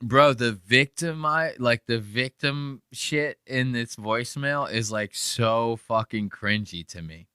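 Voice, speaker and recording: Male podcast host, bright dry voice, loose and profane, rambling commentary. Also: mid-range voice, slow, few pauses, clear, resonant tone, dry recording. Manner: profane, rambling, laughing asides. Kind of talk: casual chat reacting to clips.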